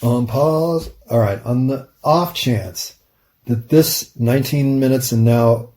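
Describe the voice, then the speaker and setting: A man rambling through a solo audio diary, musing aloud and saying "pause" and "unpause" as he goes. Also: warm tone. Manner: jumps into high playful tones for jokes.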